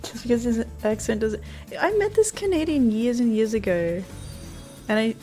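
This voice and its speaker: A woman's voice: a little high, expressive, normal speed, mellow. A woman streaming a video game, chatting casually with viewers in a giggly, easily startled way. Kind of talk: casual gameplay chat. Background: faint game music.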